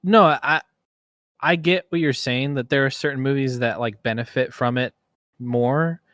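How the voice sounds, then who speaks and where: A man's medium, slightly bright voice comes through unhurried in a clean, echo-free studio recording. Co-hosting a podcast, he chats casually, rambling, restarting sentences, and laughing often.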